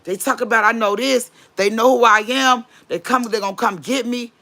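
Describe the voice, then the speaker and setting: Scared grown man, hushed and urgent , as a woman puts him on. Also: fairly high pitch, steady tone, normal speed, pitched above the performer's own voice. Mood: panicked.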